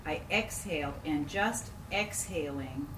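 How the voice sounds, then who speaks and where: Low-voiced woman, distant in a roomy space. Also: slow, a bit bright, a little hiss or hum. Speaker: group participant. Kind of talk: sharing a story in a group discussion.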